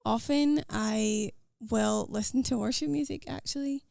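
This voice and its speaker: A woman with a Scottish accent, a podcast guest talking earnestly and quickly about her faith and daily life. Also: fairly high pitch, vocal fry, a little mellow, dry recording, studio quality. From Scotland. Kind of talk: casual interview chat.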